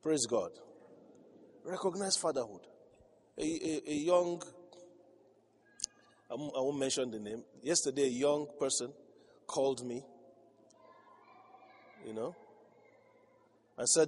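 A man's voice: mid-range voice, unhurried, long pauses, a little mellow, a little hiss or hum. A man preaching a sermon as a pastor, telling stories with frequent laughter and building to emphatic peaks. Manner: storytelling, laughing often, rising to emphatic crescendos. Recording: reverberant hall.

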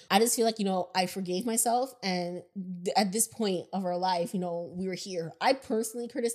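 Chatty woman with a squeaky voice. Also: a little mellow. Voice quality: somewhat squeaky voice. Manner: laughs often, chatty and self-deprecating. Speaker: podcast co-host. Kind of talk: casual podcast chat.

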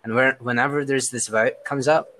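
A man's voice: mid-range voice, steady tone, normal speed, sharp tone, a little hiss or hum, low-quality recording. A young man in a casual chat with friends, laughing often and talking hesitantly. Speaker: podcast guest. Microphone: computer microphone.

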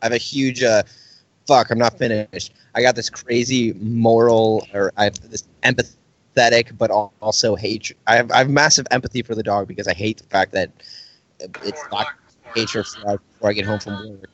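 Man, lowish voice, swearing rant, casual podcast chat, dry dull sound. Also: steady tone, normal speed, fairly bright tone, dry recording. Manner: profane, exasperated ranting. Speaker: podcast co-host.

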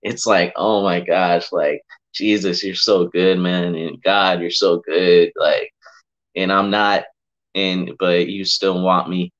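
Man, low voice, emotional faith testimony, muffled lo-fi recording. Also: little pitch movement, takes it slowly, fairly bright tone. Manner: heartfelt, emotional, preachy, says bro and man a lot. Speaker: podcast guest sharing testimony. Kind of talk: casual faith chat. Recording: muffled lo-fi audio.

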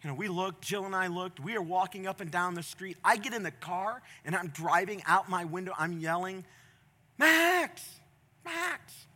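A middle-aged male pastor preaching a sermon from a church stage, passionate, moving from quiet storytelling to loud, emphatic appeals. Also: high voice, steady tone, fairly quick, hardly any pauses.

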